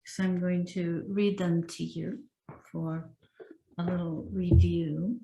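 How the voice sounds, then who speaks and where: Woman meditation teacher, unhurried reading with spaces between lines, roomy echo. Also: lowish voice, little pitch movement, gravelly, warm tone. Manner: slow, measured recitation with long pauses. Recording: echoey room.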